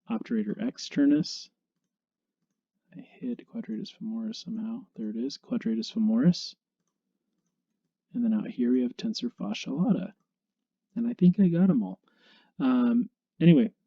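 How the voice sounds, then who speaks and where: Relaxed man giving an anatomy lecture. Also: mid-range voice, creaky, dull audio. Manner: relaxed and conversational, with small restarts. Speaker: instructor.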